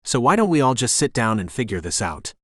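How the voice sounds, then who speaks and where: A male audiobook narrator voicing a blunt, bossy young woman who keeps trying to break up a fight, with a sharp and impatient delivery. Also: medium pitch, very animated, fairly quick, dry recording, studio quality. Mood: exasperated. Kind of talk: audiobook character voice.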